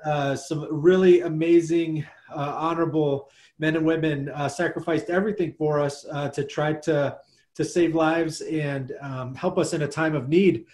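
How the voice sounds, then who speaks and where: A man hosts a podcast interview in a fairly high voice. He is enthusiastic and leans on fillers as he sets up his questions, and is heard over a video call. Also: steady tone, normal speed, a little mellow. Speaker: podcast host. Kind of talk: interview conversation.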